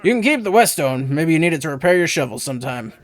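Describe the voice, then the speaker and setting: A man voicing a tired, put-upon male blacksmith in a game, with a gruff, grumbling manner. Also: a little high, very animated, quick pace. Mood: grumbly.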